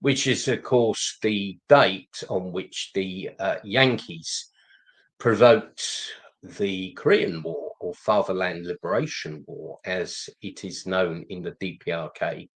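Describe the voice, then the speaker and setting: A man hosting a livestream discussion, measured with occasional fillers. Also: low-pitched, a bit bright, slightly rough, poor audio. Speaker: host.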